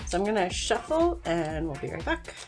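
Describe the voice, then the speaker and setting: A woman's voice: fairly low pitch, very animated, moderate pace, over music. A woman giving a casual, frank pick-a-card tarot reading, encouraging and swearing now and then. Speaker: tarot reader.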